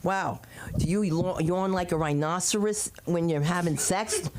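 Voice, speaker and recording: A woman hosting an open mic comedy night, doing stand-up bits and banter between acts in an animated way. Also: fairly low pitch, measured pace, crowd noise.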